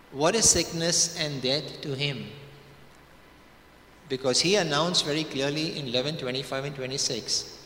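A male preacher delivers his sermon with a bright, forceful voice. He leans hard on key words, stretching them out and repeating lines for weight. The sound rings in a large hall with long reverb and a faint hum of ambience. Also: fairly high pitch, normal speed. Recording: echoey hall.

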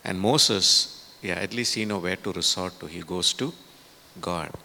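A man's voice: low voice, unhurried, vocal fry, sharp tone. A man preaching a sermon in a conversational way, with many fillers and tag questions.

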